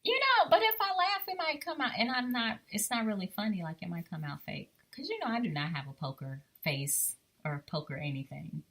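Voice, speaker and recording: Agreeable laughing woman, bright voice. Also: mid-range voice, sing-song, fairly quick, hardly any pauses. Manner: agreeable, laughs often, reads list items aloud. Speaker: podcast co-host. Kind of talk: casual chat.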